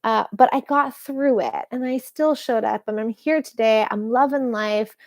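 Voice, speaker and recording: A woman's voice: fairly high pitch, normal speed. A young woman talking unscripted in a personal vlog, rambling and candid, with casual swearing, sitting on a bed at home. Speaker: vlogger. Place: bedroom with an ocean view.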